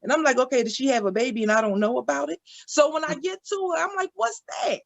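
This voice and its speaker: A woman in her forties doing stand-up comedy, telling stories in a playful, animated way and acting out what others say. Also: sits high, fast, creaky, no room sound, dull audio. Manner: animated, playful storytelling with acted-out quotes.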